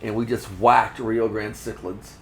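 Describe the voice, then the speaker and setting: A man's voice: on the low side, level tone, unhurried, a crowd in the background. A man, a fishing magazine editor, chatting in an earnest, reflective way and often restarting his sentences. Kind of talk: casual chat. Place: fishing trade show floor.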